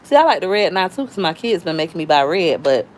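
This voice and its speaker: A woman's voice: fairly low pitch, big pitch swings, fast, a little mellow. A woman, chatting casually with viewers at home with her family, slangy and rambling, a little out of breath. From Florida, US. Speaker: YouTube cooking vlogger.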